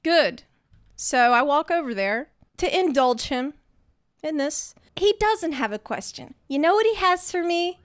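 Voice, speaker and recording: A woman's voice: high voice, expressive, unhurried, dry recording, clean studio sound. A young woman hosting a gaming video, ranting with sarcastic, indignant, theatrical outrage. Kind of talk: ranting game commentary.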